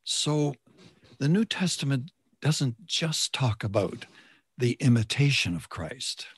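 A man preaching a sermon in short, measured phrases, pausing so an interpreter can follow. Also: medium pitch, very animated, slightly rough.

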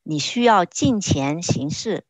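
A woman's voice: fairly low pitch, expressive, slow pace, no echo. A woman interpreting a sermon phrase by phrase, sometimes hesitating as she searches for words.

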